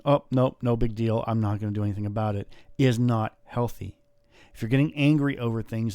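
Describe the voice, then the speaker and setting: A man's voice: medium pitch, a little mellow, no room sound. A man hosting a podcast, giving a blunt motivational monologue with casual swearing. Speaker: podcast host.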